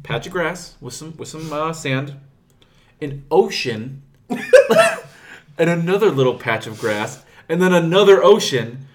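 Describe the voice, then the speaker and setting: A man's voice: on the high side, expressive, a little slow, noisy background. A young man co-hosting a podcast, chatting casually and complaining in rambling, restarting sentences. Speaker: podcast co-host. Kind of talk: casual chat.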